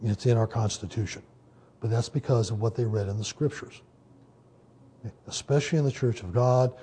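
A man preaching a sermon in a conversational teaching manner, often pausing with "okay" and "you know". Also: medium pitch, dark tone, a little hiss or hum. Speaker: pastor.

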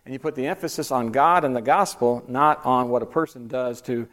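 A man's voice: medium pitch, a little fast, a bit bright. A man teaching a church class in a conversational way, repeating his key points.

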